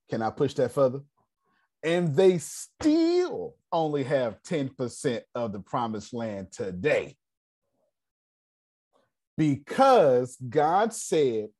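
A man's voice: mid-range voice, mellow. A man leading a motivational seminar, preaching and firing rhetorical questions at his audience. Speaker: seminar leader. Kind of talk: motivational teaching.

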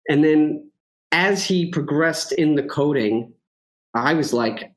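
A man's voice: on the high side, animated, measured pace, poor audio. Chatty New York man. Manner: chatty, storytelling with frequent fillers and laughs. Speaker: horse racing handicapper, guest. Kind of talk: casual podcast interview.

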